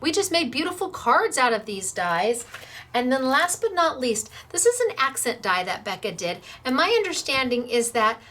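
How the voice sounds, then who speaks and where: A woman's voice: high-pitched, sing-song, moderate pace, a bit bright. A middle-aged woman hosting a crafting tutorial, bubbly and encouraging as she gushes over her projects. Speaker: crafting show host.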